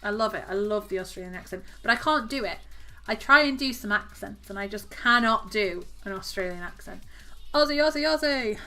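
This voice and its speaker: Southern English woman, chatty and giggly, with a sharp, bright tone. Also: medium pitch, brisk, faint music behind. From southern England. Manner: chatty, giggly, talks to her cat and reads chat aloud. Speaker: craft streamer. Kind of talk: casual live-stream chat while crocheting.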